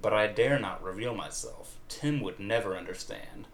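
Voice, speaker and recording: A man voicing a coy, sighing, secretive man with a theatrical, hushed way of speaking. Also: fairly low pitch, normal speed, close to an everyday voice.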